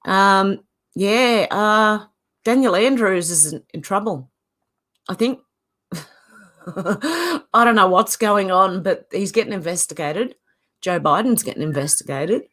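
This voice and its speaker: A woman's voice: medium pitch, expressive, slow, pauses often, fairly bright tone. An Australian woman hosting a casual livestream, greeting viewers by name and reading their comments aloud. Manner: greets chatters and reads comments aloud, chatty. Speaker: livestream host. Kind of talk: casual live-chat talk.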